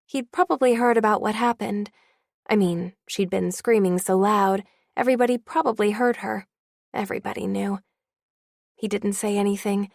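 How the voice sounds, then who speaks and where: A young woman narrates an audiobook in first person with a wry, confiding tone. Her mid-pitched voice carries a gravelly edge, recorded close and dry. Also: no echo. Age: young adult.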